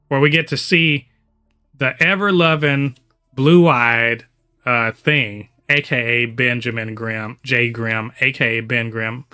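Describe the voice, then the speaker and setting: A man's voice: mid-range voice, pushed and bright. A man hosting a casual podcast chat, talking enthusiastically and rambling with lots of fillers. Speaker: podcast host.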